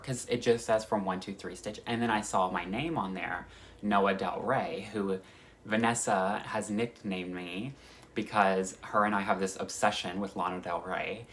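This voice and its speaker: A man chatting excitedly as a cross-stitch vlogger, gushing about his stitching kits in a casual way. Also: sits low, a little slow, slight background noise. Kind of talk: casual chat.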